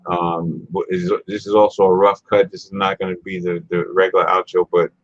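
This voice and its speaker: Deep-voiced laid-back male host. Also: flat delivery, a little fast, no room sound, highs cut off. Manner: laid-back, rambling, repeats phrases. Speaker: show host. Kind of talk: casual talk show chat.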